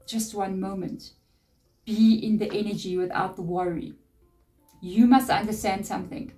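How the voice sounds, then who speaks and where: A woman's voice: medium pitch, mellow. Earnest middle-aged woman tarot reader. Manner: earnest, emphatic, repetitive coaching. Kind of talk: spiritual advice talk. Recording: distant mic with faint background music.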